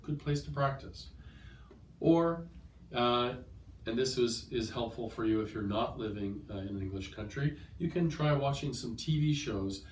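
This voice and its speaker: A man's voice: mid-range voice, a little slow, a little hiss or hum. A man with a cold explains listening strategies as a test-prep teacher, patient and checking understanding with "okay?". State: has a cold. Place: language school. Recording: roomy, from a distance.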